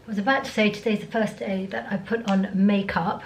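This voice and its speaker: A middle-aged woman vlogging casually to camera while ill and congested, hoarse and tired, often talking half-whispered. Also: mid-range voice, fairly even intonation, a little fast, hardly any pauses, noisy background. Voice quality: gravelly. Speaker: beauty vlogger. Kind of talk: casual vlog chat to camera.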